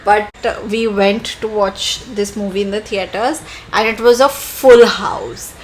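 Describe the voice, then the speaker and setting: A woman's voice: medium pitch, steady tone, a little slow, slight background noise, low-quality recording. A young woman co-hosting a podcast, chatting casually and laughing easily. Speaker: podcast co-host. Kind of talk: casual chat.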